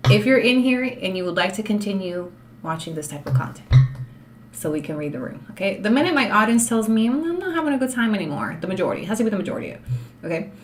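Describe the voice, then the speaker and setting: A woman's voice: mid-range voice, slight background noise. A woman in her thirties hosting an unscripted livestream, talking straight to her chat in a blunt, profane way and slipping into Spanish now and then. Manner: slips into Spanish phrases. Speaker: livestream host and law student. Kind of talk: unscripted live-stream rant.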